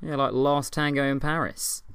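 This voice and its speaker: A man's voice: on the high side, level tone, normal speed, fairly bright tone, clean tone, dry recording. A man co-hosting a podcast in casual comedic banter, swearing freely and often breaking into laughter. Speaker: podcast co-host.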